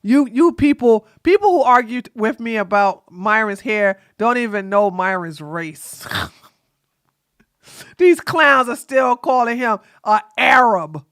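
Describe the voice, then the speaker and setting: Sassy, bright-voiced woman streamer. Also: a little high, slow pace, no echo, studio quality. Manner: animated, exclaiming, sassy asides. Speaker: livestream host. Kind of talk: casual reaction commentary.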